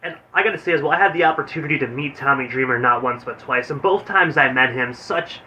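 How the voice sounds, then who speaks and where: A man's voice: medium pitch, fast talker, dull audio, heavy background noise. A man hosting a radio talk show, chatting enthusiastically like a fan with his guest. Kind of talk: casual interview chat.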